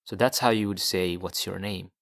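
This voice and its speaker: A man's voice: low-pitched, fairly even intonation, moderate pace, vocal fry, fairly bright tone. A man teaching a language lesson, patiently explaining and repeating words for learners. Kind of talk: slow explanatory video lesson.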